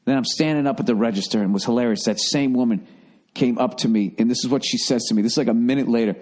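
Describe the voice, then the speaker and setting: A man's voice: mid-range voice, quick pace, darkish tone. A middle-aged American man telling a rambling, profane comedic story as a podcast host.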